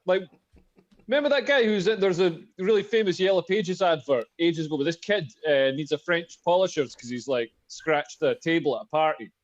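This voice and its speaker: A man's voice: on the high side, fairly quick. A man co-hosting a podcast, telling a rambling comedic anecdote in casual chat full of fillers. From Britain. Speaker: podcast co-host. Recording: dull lo-fi podcast audio.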